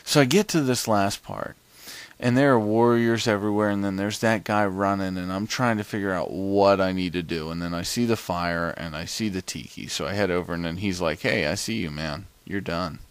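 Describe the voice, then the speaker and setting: A man's voice: sits low, fairly quick, clear, resonant tone, no room sound. A man casually narrating his gameplay in a chatty, rambling way.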